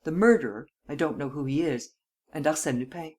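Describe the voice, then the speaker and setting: A reader doing a calm, measured chief detective. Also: medium pitch, close to an everyday voice. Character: calm, self-assured male chief detective. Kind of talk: audiobook reading.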